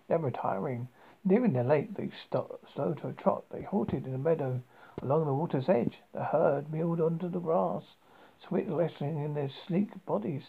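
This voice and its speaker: Stumbling, gravelly amateur audiobook reader. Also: mid-range voice, narrow, tinny audio. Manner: halting, frequent stumbles and restarts. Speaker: narrator. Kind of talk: amateur first-person audiobook reading.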